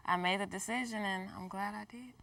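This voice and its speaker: A young woman college student, a dancer, answering interview questions in a relaxed way. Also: mid-range voice, a little fast, gravelly, dry recording, distant mic. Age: young adult. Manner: relaxed, with frequent "um" and "you know".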